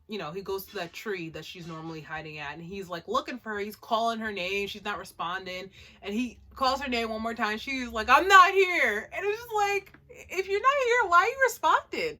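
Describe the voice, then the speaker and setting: A woman casually recapping an anime episode, chatty and animated, with lots of "like" and laughing asides. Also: mid-range voice. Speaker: anime reviewer.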